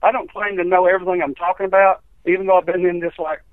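High-voiced evangelist on the phone. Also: male voice, level tone, fast, no room sound. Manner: rambling folksy storytelling, acts out quotes. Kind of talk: telling healing testimonies on a call-in show. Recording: tinny dry phone line.

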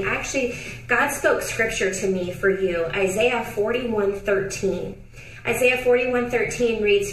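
Woman giving prophetic words, echoey and distant. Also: mid-range voice. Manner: conversational, many fillers and restarts; laughs between phrases. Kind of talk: prophetic broadcast ministry. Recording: echoey room, distant mic.

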